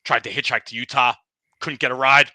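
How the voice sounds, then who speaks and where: A man's voice: mid-range voice, fairly even intonation, a little fast, pushed and bright, no room sound. A man voicing a tough-talking bowling ball in a comedy podcast skit, griping and boasting as he trash-talks and keeps saying the host's name. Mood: aggrieved. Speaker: guest.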